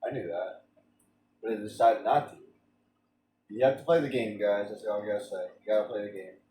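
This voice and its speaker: A man's voice: fairly low pitch, steady tone, brisk, mellow. Rambling man with a roomy, distant sound. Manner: rambling, with frequent restarts and stammers. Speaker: streamer. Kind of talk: casual rambling chat during a game stream.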